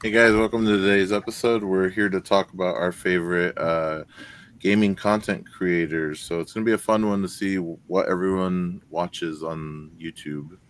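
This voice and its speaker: A man on a gaming panel with a very deep, low voice, giving viewers an easygoing welcome. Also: steady tone, moderate pace. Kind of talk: casual panel chat.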